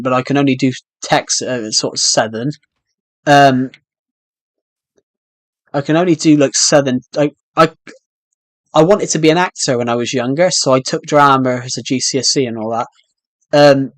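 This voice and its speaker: A man's voice: mid-range voice, no echo. A young British man chatting casually while streaming a game, rambling with frequent restarts. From United Kingdom. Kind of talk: casual live-stream chat while playing.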